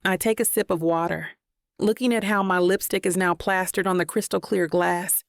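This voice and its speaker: A woman's voice: fairly low pitch, steady tone, normal speed, vocal fry, no room sound, clean studio sound. A woman narrating a first-person romance audiobook in an intimate, reflective manner.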